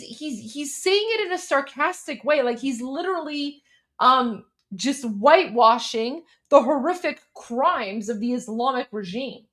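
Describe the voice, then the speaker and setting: A young adult Iranian woman with a high, bright, forceful voice hosts a live stream, reacting to a hearing. Her commentary is heated and scornful, and she often repeats herself for emphasis.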